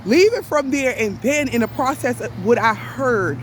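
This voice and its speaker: A woman retelling an event to viewers in casual speech, deliberate and emphatic, pressing her points with rhetorical questions. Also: a little high, lively intonation, noisy background. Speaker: storyteller recounting an event to viewers.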